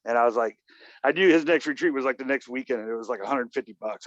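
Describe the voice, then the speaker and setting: A man's voice: medium pitch, fast talker, dry recording. A man telling a long personal anecdote in casual conversation, rambling with many fillers and acting out what people said. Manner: rambling, many "you know" fillers, acts out quoted dialogue. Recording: dull lo-fi, dry sound.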